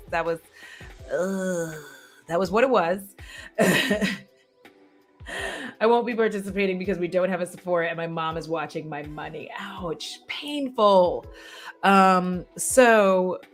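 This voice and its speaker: A woman's voice: fairly low pitch, normal speed, pauses often, faint music behind. Chatty woman beauty creator. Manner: chatty, frank, swears and laughs often. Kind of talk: casual livestream chat.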